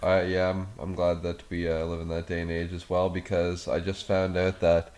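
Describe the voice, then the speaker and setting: A man's voice: low voice, monotone, moderate pace, a little mellow. A man co-hosting a podcast, leading the topics in casual chat, with many fillers and some swearing. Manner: leads topics, filler-heavy, casual cursing. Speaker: podcast co-host.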